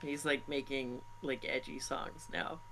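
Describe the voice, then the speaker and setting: Casting: male co-host, bright and sharp tone, slangy quips, faint hum behind. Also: on the high side, wildly swooping pitch, measured pace, poor audio. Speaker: podcast co-host. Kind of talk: casual panel chat.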